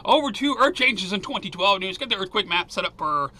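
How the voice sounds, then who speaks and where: A man hosting a solo news commentary show, reading headlines and ranting angrily, swearing and sometimes yelling. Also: high-pitched, animated, fairly quick.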